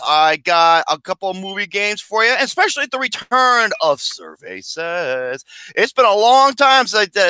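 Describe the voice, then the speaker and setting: A man hosting a movie podcast in loud, excitable, teasing banter. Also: high voice, clean tone, no room sound. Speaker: podcast host.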